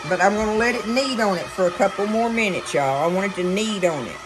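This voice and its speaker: A woman's voice: medium pitch, fast, background noise. A woman hosting a casual home cooking demonstration in her kitchen, chatting folksily and calling her viewers y'all. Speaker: cooking show host.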